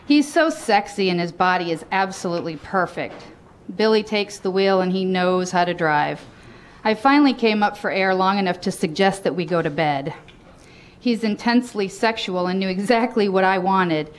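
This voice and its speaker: A woman's voice: mid-range voice, animated, normal speed. A woman reading aloud from her own memoir in a frank, cheeky storytelling manner, laughing often between lines.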